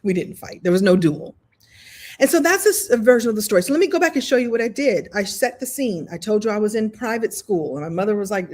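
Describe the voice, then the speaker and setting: A husky-voiced woman hosts a coaching challenge on a live video call, telling stories in an online workshop. She is animated and playful, acting out others' voices and laughing easily, with a mid-range voice and a quick pace.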